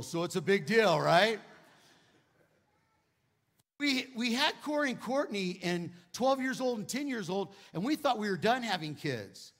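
Earnest preaching man, slightly high voice. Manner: earnest storytelling, rising loud on key lines, dropping soft and low on sad parts. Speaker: guest preacher. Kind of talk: sermon with personal testimony. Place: church sanctuary.

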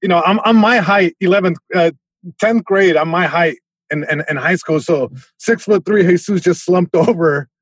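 A male comedian guest telling a story in an animated way, with many restarts and sound effects. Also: high voice, normal speed, husky, dry recording.

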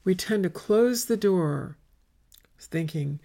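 A woman leads a meditative spiritual retreat talk, speaking very slowly with a gravelly, husky edge. She often sinks into a near whisper and lets phrases pile up in long, chant-like lists. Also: low voice. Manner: soft, often dropping to a whisper, incantatory lists.

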